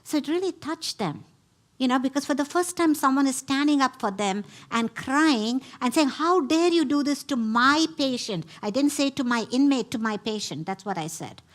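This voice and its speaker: A woman's voice: high-pitched, normal speed. Emphatic woman telling a story. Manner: emphatic, animated retelling with quoted dialogue. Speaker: speaker at a spiritual center. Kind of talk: storytelling talk.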